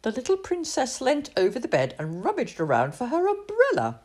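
A woman reading a children's storybook aloud in an expressive, sing-song way. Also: sits high, brisk.

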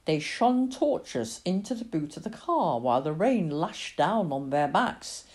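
Mellow, expressive woman storyteller. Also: low voice, unhurried. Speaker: narrator. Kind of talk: audiobook reading.

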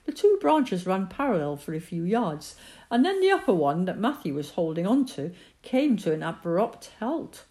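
A woman narrating a children's story in a calm, measured reading voice. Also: mid-range voice.

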